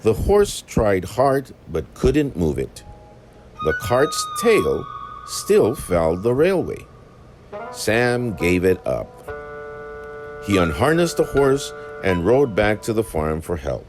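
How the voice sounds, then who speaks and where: A man narrating a children's storybook tale in an unhurried, expressive way. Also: fairly low pitch. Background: background music.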